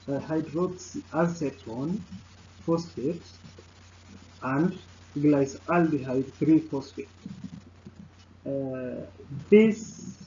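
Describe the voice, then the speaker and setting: Male lecturer, slow and halting with many fillers, mellow tone, dull lo-fi recording. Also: a little high, gravelly. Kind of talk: slide lecture narration. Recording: dull lo-fi sound with faint noise.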